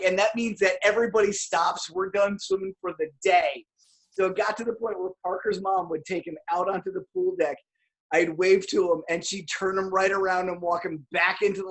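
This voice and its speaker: Higher-voiced man telling a crude funny story. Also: low-quality recording. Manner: laughing, crude anecdotes. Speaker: podcast co-host. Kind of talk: comedic storytelling.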